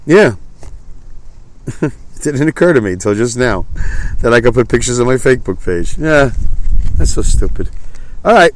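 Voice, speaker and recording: A man's voice: mid-range voice, sing-song, fairly quick, pauses often. A man hosting a solo podcast, rambling and self-deprecating, his voice stuffy from a clogged nose. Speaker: podcast host. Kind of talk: casual solo podcast monologue.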